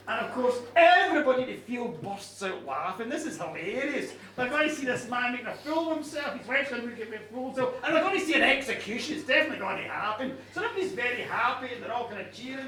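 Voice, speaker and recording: Lively male storyteller in an echoing pub. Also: very high voice, fast, a little hiss or hum. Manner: lively, chatty asides to the audience. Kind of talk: live storytelling of a myth. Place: pub at a live show. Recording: echoey pub room from far off. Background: faint room ambience.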